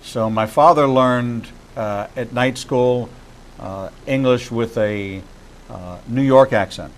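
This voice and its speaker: A man from Pittsburgh hosting an interview, asking questions in a measured, deliberate way. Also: medium pitch, low-quality recording. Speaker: interview host.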